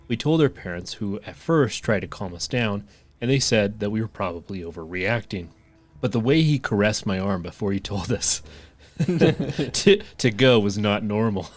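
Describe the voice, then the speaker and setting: A man co-hosting a podcast, reading stories aloud and joking and laughing between lines. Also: fairly low pitch. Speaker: podcast co-host.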